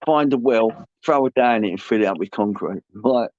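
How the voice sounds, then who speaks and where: A man's voice: lowish voice, moderate pace, darkish tone, dry recording. A man hosting a casual livestream panel, blunt and slangy, laughing as he rants. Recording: dull lo-fi stream audio.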